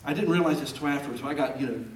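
A fairly high-voiced man preaches in a church sanctuary, telling animated, joking stories. His voice carries through a roomy space from some distance off the mic. A faint hum of room noise sits underneath. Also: very fast. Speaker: pastor. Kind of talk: sermon with folksy storytelling.

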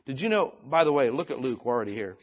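Husky-voiced male pastor preaching. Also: medium pitch, very animated, fast. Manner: conversational preaching, building to emphatic exhortation. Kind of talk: sermon.

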